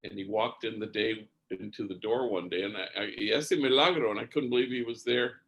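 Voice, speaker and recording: A man, a priest, giving spoken testimony as an unhurried storyteller who often restarts his sentences. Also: fairly low pitch, a bit bright.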